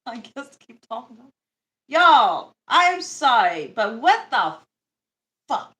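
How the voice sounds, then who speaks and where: A young woman from the States chats on her livestream in a slightly high voice, taking her time over her words. She's blunt and joking, laughs often and swears freely. It's a casual, unscripted stream. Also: sing-song, slow, bright, forceful tone. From United States. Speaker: livestream host.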